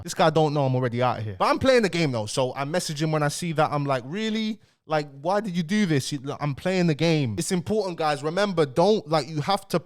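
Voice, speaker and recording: Fast-talking young man telling a story. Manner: animated storytelling, slangy, repeats himself, drops low to calm asides. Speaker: YouTuber. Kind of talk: casual storytelling to camera.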